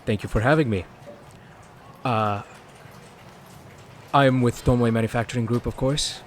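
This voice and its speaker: A man playing a polite businessman character in a tabletop game, measured and formal, laughing often. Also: medium pitch, a little hiss or hum. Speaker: player.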